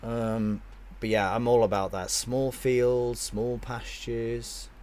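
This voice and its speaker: A man's voice: mid-range voice, flat delivery, takes it slowly, darkish tone. A man live-streaming a game, chatting casually with his viewers and answering their comments aloud, often restarting his sentences.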